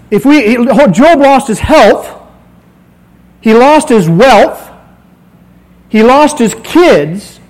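High-voiced man preaching a sermon. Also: rough recording. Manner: conversational, acts out little dialogues. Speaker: pastor. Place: church sanctuary.

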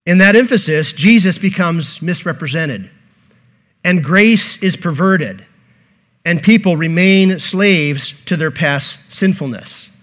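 A man's voice: a little high, slow pace, a bit bright. A pastor preaching a sermon, earnest and repeating key phrases, posing rhetorical questions to his congregation.

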